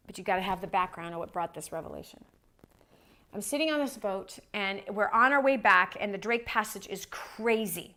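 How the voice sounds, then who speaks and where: A woman's voice: mid-range voice, fairly bright tone. A woman preaching in a conversational storytelling way, repeating phrases for emphasis and dropping in tag questions like "right?". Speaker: Christian speaker. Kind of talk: storytelling sermon.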